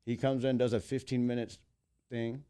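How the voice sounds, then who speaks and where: A man in his thirties, an entertainer, telling stories as an interview guest in an animated way, acting out quotes. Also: mid-range voice, moderate pace, clear, resonant tone. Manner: animated, acts out quotes in big voices. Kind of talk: casual interview storytelling.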